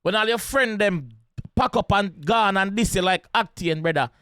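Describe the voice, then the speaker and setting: A man's voice: sits high, normal speed, sharp tone, smooth, no echo, soft background music. A man with a Jamaican accent giving casual, emphatic commentary on a song as host of a reaction video, repeating his points in patois slang.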